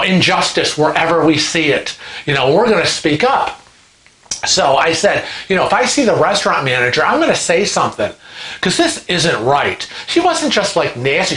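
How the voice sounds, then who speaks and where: A man hosting a vlog, telling a story to camera in an animated, gossipy, conversational way. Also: on the high side. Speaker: vlog host. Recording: echoey room.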